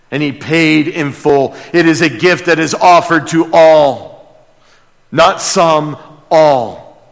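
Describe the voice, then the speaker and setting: Male pastor, sermon, slow deliberate delivery, fairly high voice, echoing sanctuary. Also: gravelly. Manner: passionate, swings from hushed to crying out.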